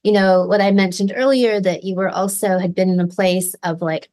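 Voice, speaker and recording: A woman hosting a live online event, leading a slow guided visualization and then chatting upbeat with a guest over video call. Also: mid-range voice, fairly even intonation, a little mellow. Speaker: host.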